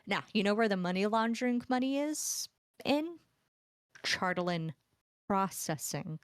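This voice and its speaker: A woman's voice: mid-range voice, expressive, clean tone, no room sound, clean studio sound, natural voice. Woman doing Crop Top, a conspiratorial tavern guy. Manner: conspiratorial, leaning in, brisk explaining. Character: male tavern local explaining money schemes.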